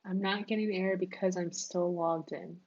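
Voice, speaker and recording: A woman's voice: lowish voice, steady tone, a little fast, darkish tone, dull audio. A woman hosting a casual livestream, thinking aloud and chatting with lots of filler words. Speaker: livestream host. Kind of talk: casual livestream chat while coding. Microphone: wireless earbuds.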